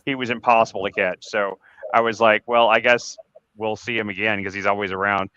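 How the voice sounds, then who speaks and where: Candid low-voiced man rambling through a story. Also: steady tone, a little fast, bright, forceful tone, smooth, no echo, dull audio. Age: 40s. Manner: candid, rambling confessional storytelling with many restarts; swears freely when reliving anger. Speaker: podcast host. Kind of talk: casual group chat on a podcast.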